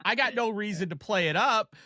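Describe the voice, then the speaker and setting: A man's voice: high-pitched, bright, forceful tone, no room sound. Male podcast host, Ohio accent, easygoing storyteller, dry close sound. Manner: chatty, storytelling, quick asides and laughs. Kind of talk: casual podcast chat.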